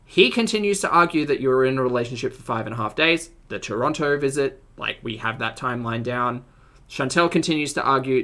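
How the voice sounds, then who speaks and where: Bright-voiced man reacting. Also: medium pitch, brisk. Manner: animated, exasperated, chatty. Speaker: reaction streamer. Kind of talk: casual reaction commentary.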